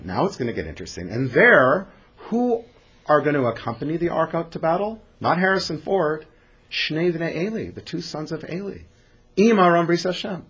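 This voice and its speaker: A man teaching a Bible class, animated and sarcastic, reading verses and explaining them. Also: on the high side, husky. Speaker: scripture teacher.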